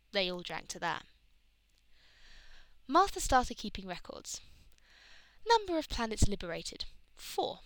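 A woman reading fan fiction aloud, lively and expressive. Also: mid-range voice, rough recording. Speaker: reader.

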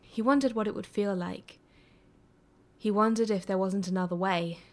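Woman narrator for a story reading, calm and soft, easing into near-whispers at times. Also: mid-range voice, moderate pace. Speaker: reader. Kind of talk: reading fan fiction aloud.

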